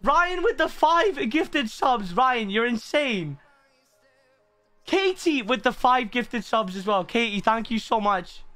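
A man's voice: high voice, fairly bright tone. A man hosting a live stream, overwhelmed, thanking viewers and swearing often. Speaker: livestream host.

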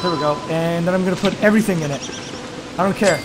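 A young man giving casual commentary on his own gameplay, talking to himself and bursting into loud, exasperated yelps. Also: sits high, fast, background noise. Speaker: let's play gamer.

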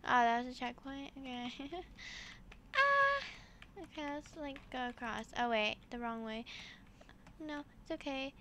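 Bright, high-voiced excitable woman gamer. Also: unhurried, pauses often, a little hiss or hum. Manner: excitable, full of exclamations, talks to viewers. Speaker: gaming channel host. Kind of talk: casual gameplay commentary.

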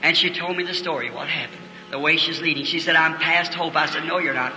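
A man preaching a revival sermon, telling a story in earnest and slowing into fervent prayer. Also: fairly high pitch, fairly even intonation, sharp tone, soft background music. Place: church auditorium. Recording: old echoey hall recording with faint hiss.

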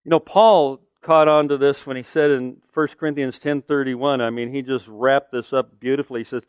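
A man's voice: mid-range voice, steady tone, normal speed, clear, resonant tone, no echo. A middle-aged man preaching a sermon as pastor, earnest and conversational, asking the listeners pointed rhetorical questions.

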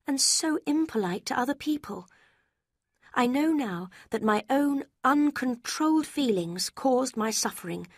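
Lady doing a teary earnest young woman, way higher, slow and heartfelt, dry close sound. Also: slightly rough, no echo. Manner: high, slow, heartfelt delivery.

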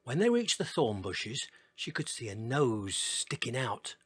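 A man reading a children's storybook aloud in a gentle, expressive way. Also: medium pitch, unhurried, breathy edge, dry recording, studio quality. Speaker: narrator.

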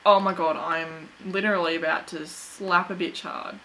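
A woman's voice: on the low side, fairly even intonation, moderate pace, sharp tone, slight background noise, low-quality recording. A woman hosting a let's play, giving goofy, chatty commentary as she talks to the game and her viewers. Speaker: gaming channel host.

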